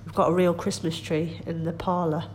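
With slight background noise, a middle-aged woman talks casually from her kitchen for a vlog, nasal and stuffed up from a cold. Her lowish, darkish voice is flat and moderately paced as she rambles chattily and puts herself down.

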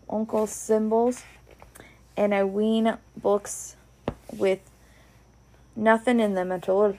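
Slow, gravelly Scottish woman reading a story. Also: medium pitch, a little mellow. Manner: reads in broad Scots dialect. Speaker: reader.

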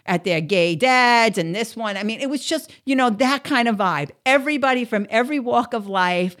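A woman's voice: on the high side, expressive, moderate pace, a bit bright. A woman telling a casual story to the camera, chatty and blunt, with plenty of swearing and filler words.

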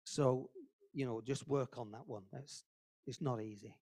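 A man's voice: mid-range voice, steady tone, measured pace, darkish tone. Earnest man preaching. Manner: conversational and earnest, repeating phrases for emphasis. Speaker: lay preacher at a church meeting. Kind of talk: informal sermon.

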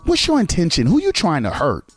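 A man's voice: on the high side, huge pitch swings, fairly quick, husky, soft background music. A man hosting a radio show who gives a blunt, profane commentary on a video clip and keeps firing rhetorical questions at the listeners.

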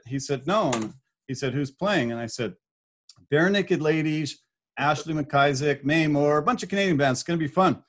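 A man, a podcast guest, telling a story in a casual, animated way, laughing often and acting out what people said. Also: a little high, moderate pace. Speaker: podcast guest, corporate speaker.

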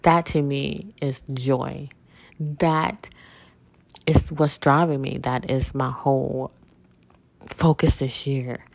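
A woman's voice: very deep voice, steady tone, slow pace, creaky, pauses often, no room sound. A woman hosting a spiritual podcast, talking about her life in a heartfelt, rambling way with lots of fillers and restarts. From southern United States. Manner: heartfelt, rambling, frequent fillers and self-corrections. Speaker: podcast host. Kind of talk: casual personal monologue.

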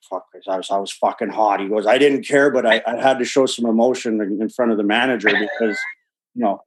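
A man's voice: medium pitch, darkish tone, low-quality recording. Profane rambling male storyteller. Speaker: guest, former hockey player. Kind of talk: casual storytelling.

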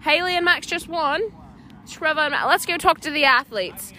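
Young woman, high voice, bright tone, quick giggly play-by-play, outdoor court. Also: slight background noise. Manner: fast, giggly, chatty. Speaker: amateur game announcer. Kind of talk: playful play-by-play commentary.

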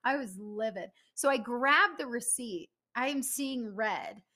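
Woman podcast co-host, slightly high voice, emphatic storyteller, casual. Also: measured pace. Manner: animated, emphatic, lots of "like" fillers.

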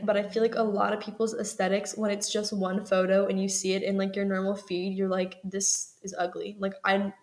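A woman's voice: mid-range voice, darkish tone. Chatty young woman podcast co-host. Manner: chatty, frequent "like", laughs often. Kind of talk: casual chat.

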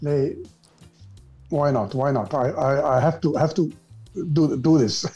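Older Icelandic guest, non-native English, mellow low-toned voice, stop-start phrasing, faint music bed. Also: male voice. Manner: halting, repeats words while searching for English. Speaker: guest actor. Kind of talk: casual interview chat.

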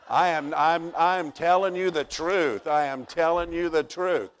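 A man preaching at a camp service, telling folksy stories that build to near-shouts. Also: on the high side, a little slow, hardly any pauses, clean tone. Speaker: pastor. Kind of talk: storytelling sermon.

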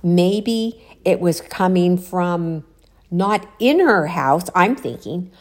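A woman's voice: lowish voice, animated, slow, a little mellow. A woman vlogging outdoors on a walk, chatting casually as she retells a spooky story. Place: outdoors, walking.

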